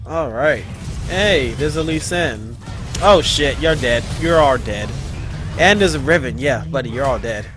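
A gaming channel host gives live commentary on his own gameplay, excitable, profane, and quick to get frustrated. His medium-pitched voice plays over music.

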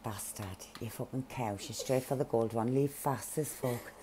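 A young woman swearing and laughing through excitable live commentary on her own game. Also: a bass voice, normal speed, background noise. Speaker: gaming streamer.

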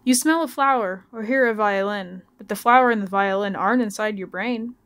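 A woman student reading a novel aloud in a steady, careful way. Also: medium pitch, fairly quick. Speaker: student reader.

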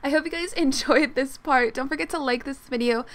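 A woman hosting a gaming channel, chatting casually through gameplay in an excitable way with frequent exclamations. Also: sits high, a little fast.

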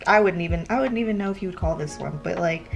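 A woman's voice: fairly low pitch, fast talker, gravelly, over music. A woman with a Southern American accent, chatting casually and swearing freely while she gets ready at home. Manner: chatty, swearing, rambling with fillers. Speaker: vlogger. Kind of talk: casual chat.

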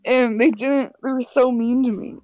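A woman's voice: on the high side, steady tone, normal speed, dark tone, no echo, muffled recording, soft background music. A woman telling a rambling story in casual chat, full of fillers. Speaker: gaming co-host. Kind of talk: casual chat while gaming.

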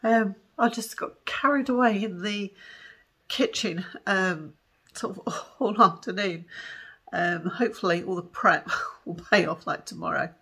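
A tired woman, chatting excitedly to camera in a home vlog and giggling often. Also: mid-range voice, a little slow, husky. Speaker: vlogger. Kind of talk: casual chat to camera.

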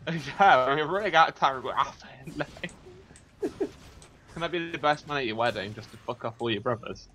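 A man's voice: medium pitch, brisk, a little hiss or hum. A man joking around in casual chat with a friend while playing an online game. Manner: playful, joking, animated, laughs often. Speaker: co-player.

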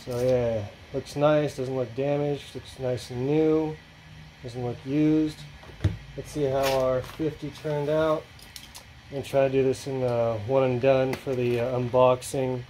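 Male channel host, casual rambling vlog delivery, warm low-lit tone, light background noise. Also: little pitch movement, a little slow, poor audio. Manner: rambling, filler-heavy, offhand.

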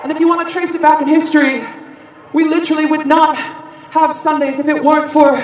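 An American woman singer on stage, talking playfully to a concert crowd and shouting out to them. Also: sits high, level tone, a little fast, very noisy. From United States. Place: large live concert venue. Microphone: stage mic through the PA. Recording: echoey live concert audio from far off. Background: loud cheering crowd.

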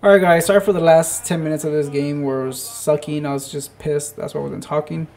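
A man's voice: on the high side, steady tone, fairly quick, vocal fry, warm tone. A young man giving casual, profane commentary while playing a football video game, muttering and grumbling to himself about lag. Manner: swearing, frustrated, muttering to himself. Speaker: gaming channel host. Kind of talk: live gameplay commentary.

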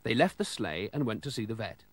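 Expressive man reading a storybook aloud. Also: on the low side, fairly quick, no echo.

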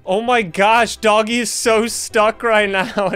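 A man giving casual gameplay commentary as a gaming host, excitable and playful, laughing and trash-talking often. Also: sits high, takes it slowly, hardly any pauses, faint music behind.

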